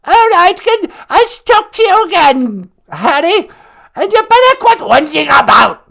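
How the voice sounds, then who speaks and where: A man voicing a scolding elderly royal grandmother in a put-on English accent, with a loud falsetto. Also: sing-song, unhurried, vocal fry, heavily acted. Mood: chirpy.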